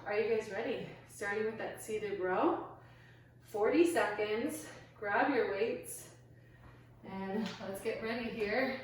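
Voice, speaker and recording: A woman's voice: on the high side, slow pace. Breathless woman coaching a workout. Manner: breathless, encouraging cues while exercising. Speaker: fitness instructor. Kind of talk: workout instruction. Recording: echoey room, distant mic.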